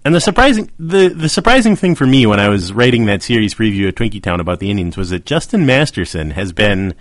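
A man's voice: fairly low pitch, sing-song, fast, no room sound. A man co-hosting a podcast, chatting casually and wryly about sports news. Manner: chatty, wry, trailing off into asides. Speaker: podcast co-host. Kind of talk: casual chat.

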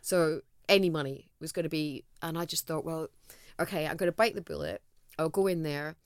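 A woman's voice: low voice, fairly quick, clear, resonant tone, no room sound, clean studio sound. A middle-aged woman, telling candid stories as an interview guest, laughing often and acting out what people said. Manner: animated, laughs often, acts out quotes. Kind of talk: candid conversational storytelling.

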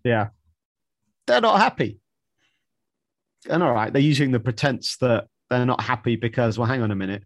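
Man, mid pitch, wry co-host, thinks aloud, repeats words, dry recording. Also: fast talker, few pauses, no room sound. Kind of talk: casual news chat.

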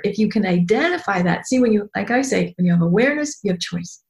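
A woman's voice: medium pitch, fairly quick, few pauses, a little mellow. A middle-aged woman giving a candid motivational talk, emphatic and swearing freely as she slips into quoted voices. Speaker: speaker addressing an audience.

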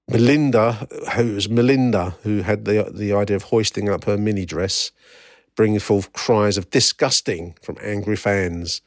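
A man with a somewhat low voice hosts a solo football history podcast in a wry, rambling way. He stops and restarts often and fills gaps with ums. The sound is dry and close, with no room echo. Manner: reads out old newspaper reports. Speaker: podcast host.

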